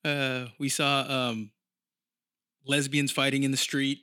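A man's voice: mid-range voice, level tone, slow pace, sharp tone, clean tone, no room sound, studio quality. A man in his thirties hosting a casual podcast monologue, rambling and swearing freely as he tells stories. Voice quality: profane, rambling storyteller. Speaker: podcast host.

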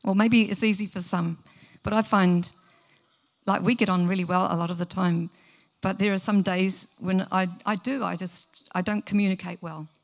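A woman's voice: mid-range voice, steady tone, normal speed. A middle-aged woman, giving a sermon in an earnest, conversational way and asking the listeners questions. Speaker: preacher.

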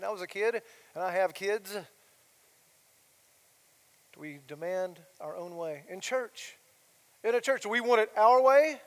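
Preaching with a high, light voice, a middle-aged pastor gives a sermon in a conversational style. He keeps turning to the congregation with asides and questions, while the sanctuary's long reverb rings around him.

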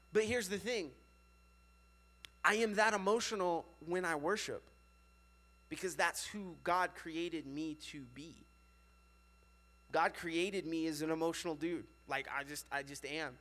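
A young man, a youth pastor, preaching a casual and animated sermon with lots of filler words. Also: sits high, moderate pace.

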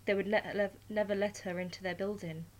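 A woman's voice: mid-range voice, fairly even intonation, brisk, close to an everyday voice. A nervous young male thief from a storybook tale, as a woman reader puts him on. He stammers and hurries over his words, humble and anxious before a god.

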